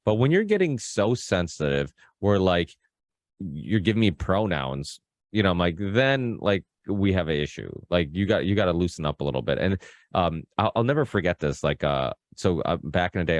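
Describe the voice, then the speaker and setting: A man's voice: low voice, animated, moderate pace, no echo. A man hosting a podcast in casual, rambling chat, full of restarts and fillers and freely swearing. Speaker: podcast host.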